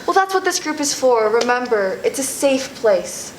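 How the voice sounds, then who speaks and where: A young woman plays a group leader who soothes everyone a bit too much. Her voice sits slightly high. The room around her is echoey. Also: very animated, noisy background. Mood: soothing. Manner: over-soothing, slow sympathetic drawl. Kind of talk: student sketch comedy acting.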